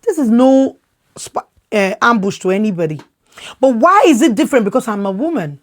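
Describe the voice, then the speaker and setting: A Nigerian-accented woman in her thirties delivers impassioned opinion talk as a podcast host. Her somewhat high voice rises and falls a great deal, and she talks loudly and expressively. She often doubles back on words as she drives her point home. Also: fairly quick. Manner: emphatic, repeats words when worked up; loud, expressive way of talking.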